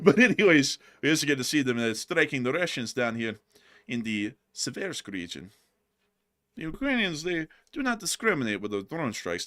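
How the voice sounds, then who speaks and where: A man's voice: mid-range voice, pushed and bright. A man hosting a war news show, giving casual commentary and joking as he addresses his viewers as folks.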